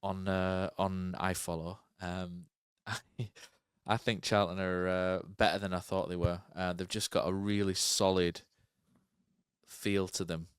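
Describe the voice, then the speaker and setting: A man's voice: sits low, level tone, a little slow, clear, resonant tone, no room sound, clean studio sound. A man co-hosting a podcast, chatting casually about football and thinking aloud with many fillers and tag questions. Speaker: podcast co-host.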